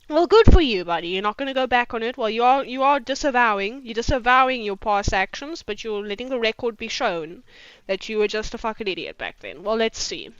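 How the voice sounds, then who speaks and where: A woman's voice: a little high, big pitch swings, brisk, smooth, no room sound. A woman from South Africa, reading fanfiction aloud on a live stream and mocking it with sweary, incredulous asides. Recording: dry, slightly dull home stream audio.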